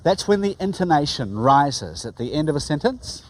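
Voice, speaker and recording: A man's voice: on the high side, sing-song, moderate pace, slight background noise. A man with a New Zealand accent giving wry, scripted documentary narration.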